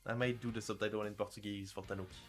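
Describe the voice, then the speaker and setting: A man's voice: on the low side, flat delivery, very fast, faint music behind. A man chatting casually on a livestream as an indie game developer, joking, crude and rambling.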